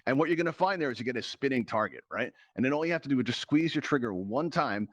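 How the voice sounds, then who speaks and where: A man's voice: mid-range voice, animated, quick pace, dry recording, muffled recording. Chatty, rambling man hosting a game show. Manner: chatty, rambling, jokey, lots of fillers and asides. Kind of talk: playful game show patter in virtual reality.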